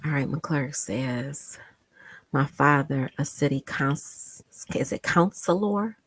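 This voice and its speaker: A woman hosting a casual live stream, reading viewer comments aloud and speaking with emphatic, impassioned repetition, sometimes sinking to a hushed near-whisper. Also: very deep voice, lively intonation, slow pace, no echo. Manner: impassioned and emphatic, repeats phrases for stress; drops to a hushed near-whisper when moved. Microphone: home desktop setup with monitor.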